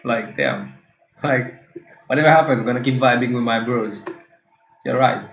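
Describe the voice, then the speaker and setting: A man gives casual, sarcastic commentary on short clips, swearing freely and teasing. His mid-pitched voice sounds roomy and a little dull, recorded in an echoing space. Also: moderate pace. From Mauritius. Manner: sarcastic, swears freely, switches between English and French. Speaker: host reviewing TikTok clips.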